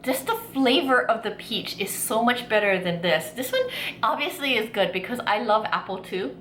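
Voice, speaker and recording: A woman food vlogger chatting excitedly while tasting desserts, gushing with lots of fillers. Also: fairly high pitch, moderate pace, roomy sound, slight background noise. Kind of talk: casual food tasting vlog.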